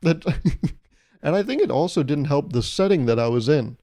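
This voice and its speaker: Mellow-voiced man, sarcastic podcast monologue. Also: a little high, lively intonation, moderate pace. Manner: sarcastic, rhetorical questions, playful mock advice. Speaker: podcast host. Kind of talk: solo comedic podcast monologue.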